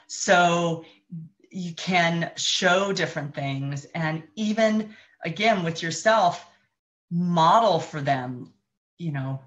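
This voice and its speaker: A woman with a notably low, deep voice gives parenting advice in a live stream. She talks in a loose, conversational way and often restarts her sentences while she thinks aloud. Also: measured pace. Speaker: parenting coach.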